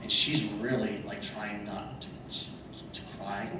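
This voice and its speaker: A man telling lively anecdotes to a convention panel audience, often laughing. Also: mid-range voice, a little fast. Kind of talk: storytelling at a panel. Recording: echoey hall from far off, background noise.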